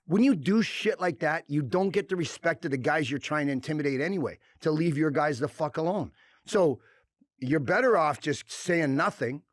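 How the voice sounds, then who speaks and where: Brief: middle-aged man, former tough guy, blunt and profane, slightly high voice, dry close mic. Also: normal speed, dry recording. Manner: blunt, profane, animated storytelling. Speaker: podcast guest, former hockey enforcer. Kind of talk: casual chat.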